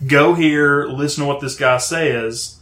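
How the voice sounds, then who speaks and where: A man's voice: a little high, a little slow, a bit bright, roomy sound. A man chatting casually as a podcast co-host, explaining and correcting plot details. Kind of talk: casual chat about a TV show.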